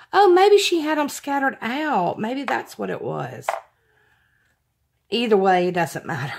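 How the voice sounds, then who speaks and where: A woman's voice: mid-range voice, vocal fry, darkish tone, slightly rough. A woman from Alabama, chatting giddily and gushing as she unboxes craft supplies. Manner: gushing, giddy, laughs often, apologetic. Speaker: craft vlogger. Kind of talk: unboxing vlog chat.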